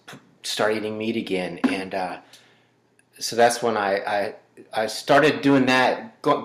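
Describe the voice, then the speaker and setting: A man talking as a guest in casual interview chat, halting and rambling with many fillers. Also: mid-range voice, roomy sound. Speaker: musician guest.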